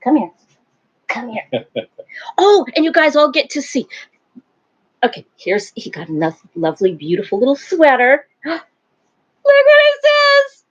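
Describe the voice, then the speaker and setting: A woman's voice: a little high, very animated, normal speed, pauses often, breathy edge, highs cut off. An older woman hosting a casual live stream from home, chatting in a rambling way and laughing often. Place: home, near a wood stove.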